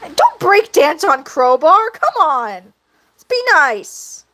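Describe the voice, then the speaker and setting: A woman hosts a casual livestream and talks straight to her chat. Her voice sits high and bounces up and down a lot. She sounds animated and giggles easily. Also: takes it slowly, rough recording. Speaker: livestream host.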